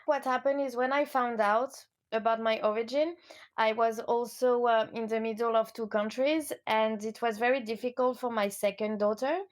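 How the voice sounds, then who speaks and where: Woman, French accent, thirties, interview guest, earnest, upbeat, fairly high voice. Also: steady tone, normal speed. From France. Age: 30s. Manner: earnest, upbeat, with frequent um fillers. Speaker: guest, educational kinesiology coach. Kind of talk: casual interview conversation.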